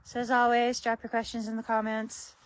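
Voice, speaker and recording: A woman's voice: fairly high pitch, monotone, fairly quick, clean tone, low-quality recording. A woman horse trainer chatting casually on a livestream while working outdoors at a barn, easygoing and coaxing.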